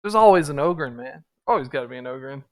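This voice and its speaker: A man's voice: mid-range voice, expressive, quick pace, no room sound. A man running a tabletop role-playing game, narrating in a loose, rambling way. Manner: loose, rambling, laughing often. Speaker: game master.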